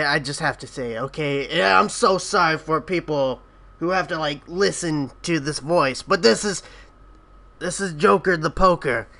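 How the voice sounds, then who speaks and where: A man's voice: on the high side, gravelly, bright, forceful tone. A man hosting a let's play, rambling casually with fillers and swearing. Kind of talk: casual, profane gameplay chat.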